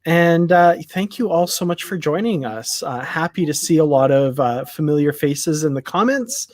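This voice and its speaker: A man co-hosting a casual live discussion show, relaxed and laughing easily, with plenty of uh fillers. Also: a little high, normal speed, dry recording. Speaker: co-host.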